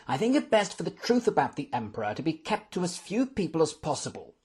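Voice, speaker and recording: A man voicing a gruff, commanding old lord. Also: on the high side, very animated, fast, a little mellow, voice pushed up, heavily acted. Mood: stern. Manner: gruff, authoritative. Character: stern elderly male lordship, commanding.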